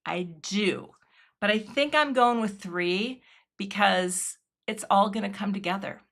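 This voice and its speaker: A woman's voice: medium pitch, unhurried, gravelly, fairly bright tone. A woman hosting a live craft stream, chatting and thinking aloud as she works and thanking viewers in the chat. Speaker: craft livestream host.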